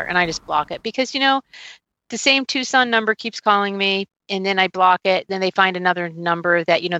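A woman's voice: on the low side, bright, forceful tone, dry recording, poor audio. A woman in casual conversation who rambles and fills her talk with "you know". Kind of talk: casual chat.

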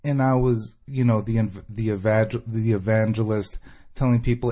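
A man's voice: fairly low pitch, steady tone, normal speed, mellow. A man from Michigan calling into a podcast, telling a sarcastic story. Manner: chatty, sarcastic. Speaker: caller leaving a voicemail.

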